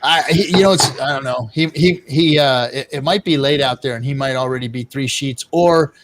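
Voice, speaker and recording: A man's voice: mid-range voice, brisk. Rambling, cussing male stream host. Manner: rambling, profane, laughing storyteller. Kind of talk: casual live-stream chat.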